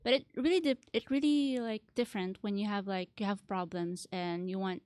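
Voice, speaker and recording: A young woman from the Philippines, a guest on a casual podcast, speaking informally in halting phrases. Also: mid-range voice, a little mellow, dry recording. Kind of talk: casual panel discussion.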